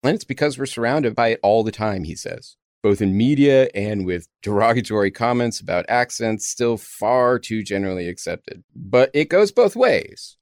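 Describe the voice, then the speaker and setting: A man's voice: mid-range voice, moderate pace, few pauses, dry recording. A man co-hosting a casual podcast, reading out article points and adding wry jokes; he is from Texas. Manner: wry, lively, mixes reading quotes with joking asides. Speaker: podcast co-host. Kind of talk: casual chat reading and discussing links.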